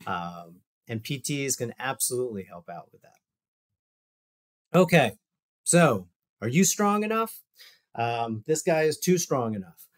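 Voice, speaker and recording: A man's voice: medium pitch, very animated, a little slow, pauses often. A man, a physical therapist, giving a loose, conversational talk over a video call while walking through exercise videos, with fillers and asides. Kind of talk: casual presentation over shared screen.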